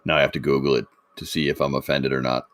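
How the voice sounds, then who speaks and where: A man in casual chat on a live stream, trading quick teasing banter. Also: rumbling low, little pitch movement, a bit bright, no echo, clean studio sound.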